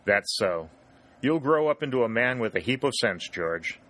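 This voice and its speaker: A man voicing a powerful middle-aged farm woman who speaks loudly and bluntly. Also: mid-range voice, lively intonation, normal speed, natural voice. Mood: defiant. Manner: loud, exclaiming.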